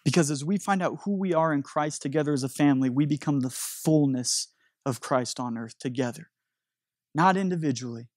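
A man's voice: a little high, fairly quick, a little mellow, no room sound, clean studio sound. A man preaching a sermon as a pastor, telling a story animatedly with frequent restarts.

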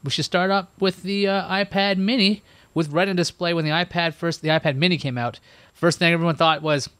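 A man's voice: on the high side, fairly even intonation, brisk, fairly bright tone, clear, resonant tone, no echo. Upbeat man hosting a tech podcast. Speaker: podcast host. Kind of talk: casual tech podcast chat.

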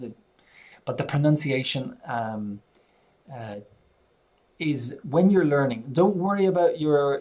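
A man's voice: mid-range voice, darkish tone. Chatty Irish man teaching English. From Ireland. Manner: chatty, rambling, many restarts and fillers. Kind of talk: casual live-stream English lesson. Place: living in Spain.

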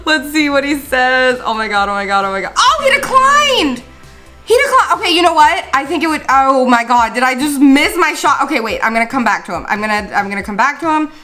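A woman hosting a gaming channel, commenting excitedly over gameplay with frequent gasps and exclamations to her viewers. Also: sits high, quick pace, hardly any pauses, faint music behind.

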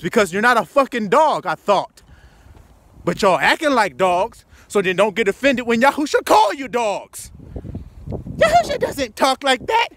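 A man's voice: sits high, a bit bright, a little hiss or hum. A man preaching a confrontational, profane sermon full of rhetorical questions. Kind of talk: fiery street sermon.

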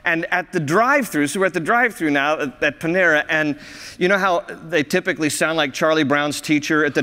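A pastor with a notably high voice delivers a sermon to his congregation, his tone pushed and bright and his pace fairly quick. He tells stories with cheerful humor, often laughing at them, and the long reverb of a church sanctuary fills the sound.

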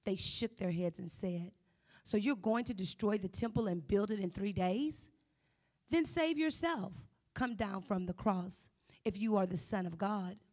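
A woman reading a scripture passage aloud in a steady, careful way, with small slips. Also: mid-range voice, normal speed. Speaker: scripture reader.

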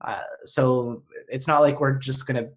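A man co-hosting a casual gaming podcast, explaining his point in a measured way. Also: medium pitch, fairly even intonation. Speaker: podcast co-host.

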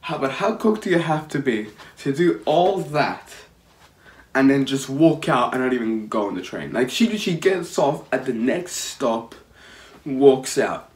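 A man's voice: mid-range voice, lively intonation, measured pace. A young man telling a story casually, rambling and swearing with frequent restarts. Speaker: vlogger. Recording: echoey room.

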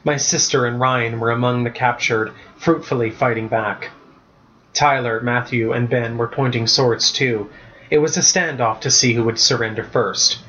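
A man's voice: mid-range voice, fairly even intonation, normal speed, bright, forceful tone, slight background noise. Man reading his story aloud, muffled. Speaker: author reading his book. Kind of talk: storybook narration. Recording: muffled lo-fi recording.

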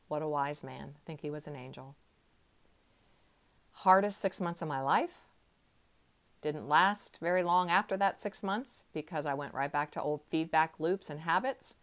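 A woman in her sixties, a counselor, gently guiding a slow relaxation exercise from a chair in her counseling room. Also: low-pitched. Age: 60s. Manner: gentle, unhurried, soothing guidance. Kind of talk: guided relaxation talk.

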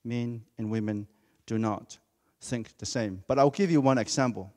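A man's voice: medium pitch, moderate pace, warm tone, big-room sound. A man preaching a sermon in a church, speaking emphatically and repeating key words for effect.

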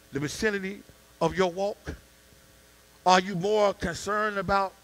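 A male deacon preaches in a cadence, trading quiet asides for shouted peaks. His voice sits very high for a man and has a bright, forceful edge. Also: low-quality recording. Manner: call-and-response preaching, swings from quiet to shouting. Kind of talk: sermon.

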